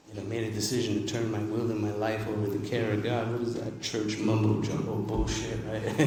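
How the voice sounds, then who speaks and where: A man's voice: medium pitch, dark tone. Emphatic man speaking in an echoey hall. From New York. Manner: emphatic, repetitive, humorous storytelling. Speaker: recovery convention speaker. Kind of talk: recovery talk to a live audience. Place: large convention hall. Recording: far-off mic in an echoey hall.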